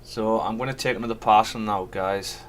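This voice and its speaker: Chatty low-voiced man. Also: steady tone, moderate pace, slight background noise. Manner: chatty, thinks aloud, talks to the live chat. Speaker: forex trader streaming live. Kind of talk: live trading stream commentary.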